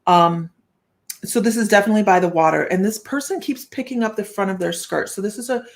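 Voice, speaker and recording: A brisk woman with a mid-range voice does a live-streamed psychic reading. She keeps up a chatty, rambling flow of thoughts, talking directly to the people watching and welcoming them by name.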